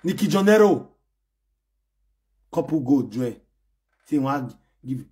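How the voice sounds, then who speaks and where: A man ranting to his fans in an excitable, scolding way, repeating himself and bursting into shouts. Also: mid-range voice, takes it slowly, pauses often. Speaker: online personality ranting to fans. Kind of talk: animated pidgin rant.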